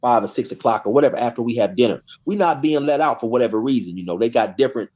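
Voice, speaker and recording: A man's voice: mid-range voice, animated, rapid-fire, darkish tone. A middle-aged man, a guest in an interview, tells long stories in a casual, rambling way, often saying "you know" and repeating words. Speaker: guest telling prison stories. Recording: dull lo-fi sound.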